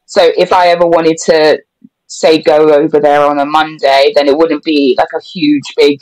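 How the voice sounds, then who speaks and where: A woman's voice: low voice, level tone, normal speed, darkish tone, no room sound, low-quality recording. Laid-back young woman, dry sound. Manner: laid-back, giggly, hesitant with fillers. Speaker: pole and twerk instructor, guest. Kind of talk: casual interview chat.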